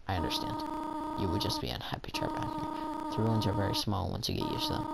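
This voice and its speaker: Young man reading as a gentle motherly monster. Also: fairly low pitch, gravelly, very noisy. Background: game music.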